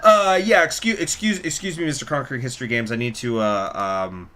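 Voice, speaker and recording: A man's voice: medium pitch, brisk, bright, forceful tone, close to an everyday voice. A man imitating a hesitant male phone scammer who poses as an FBI agent and stumbles over his words. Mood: flustered. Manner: hesitant, stammering, full of fillers.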